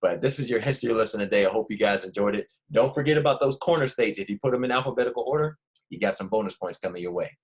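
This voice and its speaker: A man teaching a recorded history lesson to first graders, animated and prompting the children to repeat after him. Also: on the low side, rapid-fire, low-quality recording.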